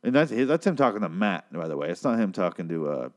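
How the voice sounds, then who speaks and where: A man giving a crude, sarcastic recap of a TV episode, tossing in quick asides. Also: low-pitched, very animated. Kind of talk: casual profane TV recap.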